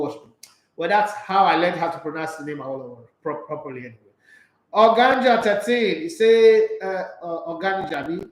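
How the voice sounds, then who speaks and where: Playful, high-voiced Nigerian man. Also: roomy sound, rough recording. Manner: playful, animated, slipping into Pidgin. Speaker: sports talk show host. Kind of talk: casual live-stream chat reading viewer comments.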